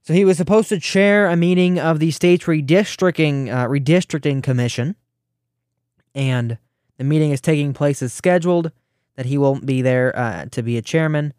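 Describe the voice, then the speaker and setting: A man's voice: on the high side, darkish tone, clear, resonant tone, no room sound, clean studio sound. A teenage man hosting a political talk radio show, brash and mocking. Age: teens. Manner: brash, mocking, quick asides.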